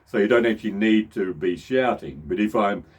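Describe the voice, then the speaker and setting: A man's voice: on the low side, normal speed, slightly rough. A middle-aged man giving a casual voice lesson, often restarting and repeating phrases as he speaks. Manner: shifts into demonstration voices. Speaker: voice teacher.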